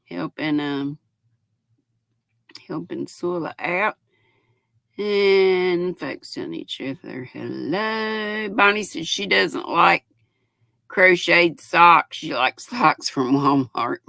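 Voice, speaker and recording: Older woman, gravelly, slow, cracking voice, dry close sound. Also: on the low side, sharp tone, no echo. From North Carolina. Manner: affectionate greetings, calls viewers honey and sweetheart. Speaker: livestream host. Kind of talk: casual livestream chat reading comments.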